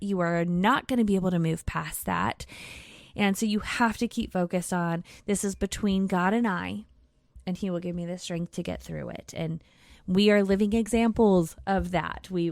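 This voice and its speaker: A woman in her forties from Southern California co-hosting a podcast, talking in an earnest, encouraging way and slowing down to stress key words. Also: medium pitch, creaky, no echo, clean studio sound. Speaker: podcast co-host, ministry leader. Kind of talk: casual podcast conversation.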